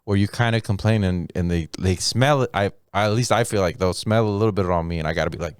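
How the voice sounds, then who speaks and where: A man's voice: low-pitched, fast, clean tone, no echo, clean studio sound. A man, a comedian, joking profanely in casual podcast chat and acting out quotes. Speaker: podcast co-host.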